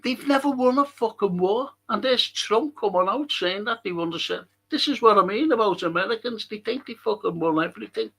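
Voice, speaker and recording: A man's voice: high voice, a little fast, few pauses, sharp tone, slightly rough. A man with a Scouse accent from Liverpool, hosting a casual film review chat, rambling and swearing often. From Liverpool, England. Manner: rambling, chatty, swears a lot. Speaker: host.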